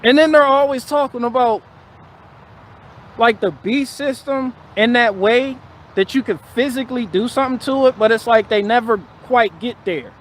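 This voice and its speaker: High-voiced man ranting on a live stream. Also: moderate pace, a bit bright, a little hiss or hum. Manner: profane, blunt, ranting; repetitive, restarting phrases. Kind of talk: casual live-stream rant.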